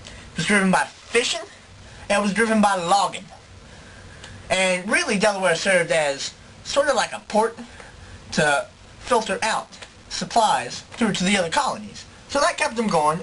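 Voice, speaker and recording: A man's voice: sits high, very animated, normal speed, fairly bright tone, a little hiss or hum, rough recording. A man narrating a mock history documentary in an offhand, listing way. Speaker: comedy video host.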